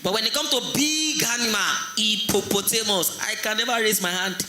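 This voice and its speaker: A man from Nigeria doing animated stand-up storytelling as compere at a school event, drawing the audience into call-and-response. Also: high voice, brisk. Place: school hall. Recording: echoey hall, faint noise.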